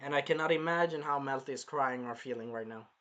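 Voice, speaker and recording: A young man hosting his own channel, recapping an anime episode in casual chat, animated and swearing now and then. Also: medium pitch, fast. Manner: animated, swears, bursts into loud acted-out quotes. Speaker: anime reviewer and channel host.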